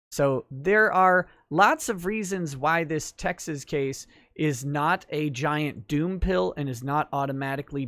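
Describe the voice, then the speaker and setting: Man, livestream host, legal commentary, explanatory, mid-pitched, dry close sound. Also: a bit bright, no room sound. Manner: explanatory, thinking aloud with fillers. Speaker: livestream talk show host and lawyer.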